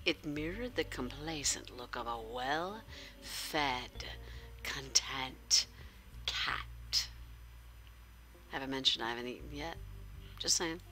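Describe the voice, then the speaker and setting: Bright, low-voiced woman streamer reading a story game. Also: animated, a little slow, soft background music. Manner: joking asides, dry and playful.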